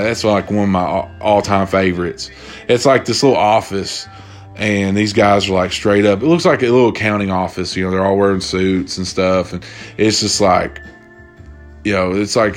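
A young man hosting a casual solo podcast, rambling and swearing freely as he retells stories. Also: lowish voice. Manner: profane, rambling, loose storytelling. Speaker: podcast host.

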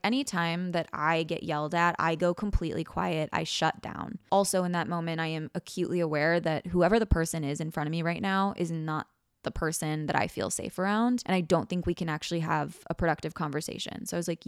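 A woman's voice: lowish voice, smooth, no room sound, studio quality. A young woman hosting a podcast, telling a personal story frankly and vividly, acting out quoted lines and swearing casually. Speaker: podcast host.

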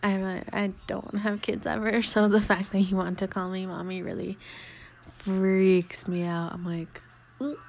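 A young adult woman co-hosting a casual podcast, telling candid, crude stories in a lively, joking way. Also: medium pitch, normal speed, creaky, a little hiss or hum. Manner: candid, crude, animated storyteller. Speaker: podcast co-host.

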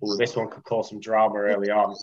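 A man's voice: fairly low pitch, completely flat delivery, brisk, a little mellow, dull audio. A man hosting a casual podcast chat over a video call, joking and laughing often. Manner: chatty, jokey, laughs often. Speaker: podcast host.

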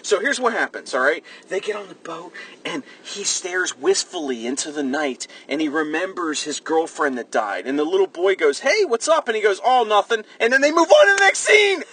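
Ranting husky-voiced man, high and lively. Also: a little fast, few pauses, a little hiss or hum, poor audio. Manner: ranting, angry, profane. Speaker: podcast co-host. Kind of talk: casual movie review chat.

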